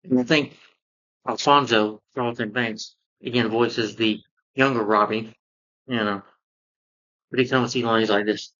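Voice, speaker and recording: A man's voice: mid-range voice, steady tone, measured pace, long pauses, sharp tone, dull audio. A man casually recapping and reviewing a cartoon episode, rambling along with lots of "you know" fillers.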